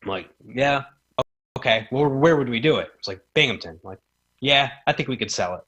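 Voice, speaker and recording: Bright-voiced man telling stories. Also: mid-range voice, brisk, slightly rough, highs cut off. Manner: animated, acts out quoted dialogue in a raised voice. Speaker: podcast guest, former wrestling promoter. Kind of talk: casual storytelling chat.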